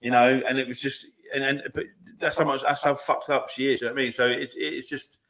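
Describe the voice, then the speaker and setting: A man, talking fast and emphatically in a casual podcast chat, swearing often and calling his listener "mate". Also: medium pitch, flat delivery, a bit bright. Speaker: podcast co-host.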